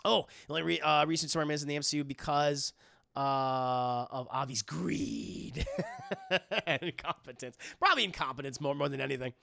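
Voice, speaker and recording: A man's voice: a little high, gravelly, dry recording, studio quality. A man hosting a livestream, chatting casually with his viewers and swearing freely as he goes. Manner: animated, swears freely, quick asides to chat. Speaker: livestream host.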